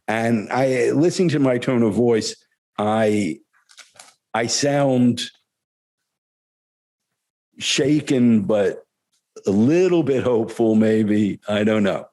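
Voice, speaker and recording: An older man telling spiritual stories in a thoughtful, reflective way, pausing often and chuckling as he goes. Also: on the low side, mellow. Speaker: spiritual storyteller. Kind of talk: reflective storytelling talk.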